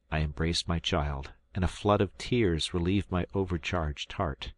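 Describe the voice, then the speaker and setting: A man with a very low voice reads an old novel aloud at a measured, steady pace. The sound is close and dry, with no room around it. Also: dry recording. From South Carolina, United States. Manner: measured, steady reading that lifts into dialogue. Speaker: volunteer audiobook reader. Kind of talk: audiobook narration.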